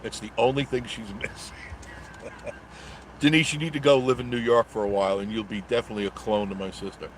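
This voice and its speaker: A man's voice: medium pitch, steady tone, fast, a little hiss or hum. A middle-aged man hosting a casual live stream, reading viewer comments aloud and rambling through jokey banter with frequent chuckles.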